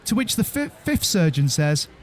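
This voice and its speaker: A man co-hosting a podcast in casual chat, telling jokes with halting restarts. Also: a little high, sing-song. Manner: halting, stammering restarts, chuckling joke teller. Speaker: podcast co-host.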